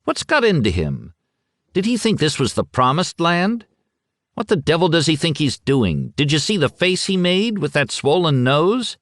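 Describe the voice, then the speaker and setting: A man putting on a brash, blustering loudmouth. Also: fairly high pitch, big pitch swings, dry recording, studio quality, voice pushed up. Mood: sneering. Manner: blustering, quick and cocky.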